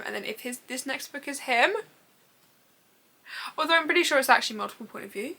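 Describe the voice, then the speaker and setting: Talking a little fast, a young woman rambles excitedly to her camera in a laid-back reading vlog, giggling, gushing and occasionally cursing. She's a book vlogger whose voice sits a little high and comes across bright and sharp.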